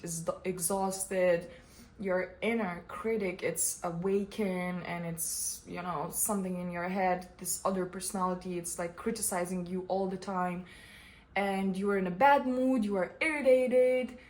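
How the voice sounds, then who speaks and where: Young woman vlogging, chatty and animated, laughs a lot, middle pitch. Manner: expressive, animated, laughs often. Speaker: vlogger and coach. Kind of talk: casual personal talk to camera.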